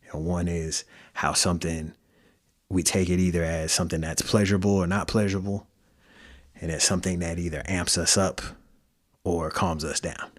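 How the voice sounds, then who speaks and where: Deep-voiced Midwestern man musing casually. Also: steady tone, normal speed. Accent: Midwestern American. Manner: loose, conversational, with slang and fillers. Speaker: podcast host. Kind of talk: casual solo podcast monologue.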